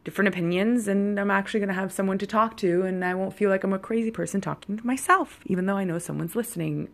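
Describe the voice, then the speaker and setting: A woman's voice: mid-range voice, fast. A woman hosting a solo podcast, chatting in a rambling, casual way straight to her listeners, a little tipsy. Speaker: podcast host.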